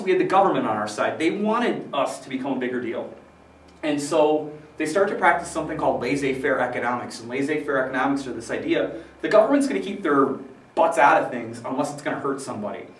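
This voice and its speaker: A man teaching a casual, joking history lesson to his students, full of fillers and asides. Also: a little high. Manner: chatty, joking, loose with fillers. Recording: roomy, distant mic with faint background noise.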